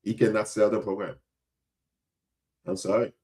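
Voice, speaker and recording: A man's voice: fairly low pitch, little pitch movement, moderate pace, darkish tone. A young adult man from Florida hosting a podcast, giving casual sports commentary in a blunt, emphatic way, often repeating himself for effect. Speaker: podcast host.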